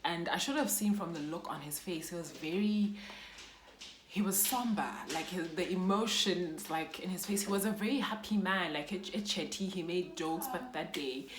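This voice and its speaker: A young South African woman tells a deeply personal storytime in a lowish voice, her words heavy with feeling. She drops Xhosa phrases into her English as she talks. The room around her sounds echoey. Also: normal speed, background noise. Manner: emotional, mixes in Xhosa phrases. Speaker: YouTuber. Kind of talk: storytime vlog.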